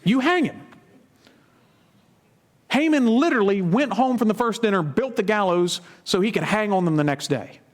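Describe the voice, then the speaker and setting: High-voiced pastor retelling scripture. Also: male voice, expressive, brisk, hardly any pauses. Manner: storytelling, dramatic retelling of scripture; conversational asides. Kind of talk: sermon.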